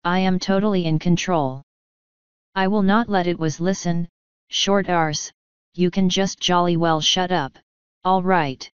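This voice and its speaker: A woman voicing a bossy, pompous male wizard leader who talks briskly and impatiently. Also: on the low side, steady tone, smooth, no room sound, lo-fi sound, lightly acted. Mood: strained calm.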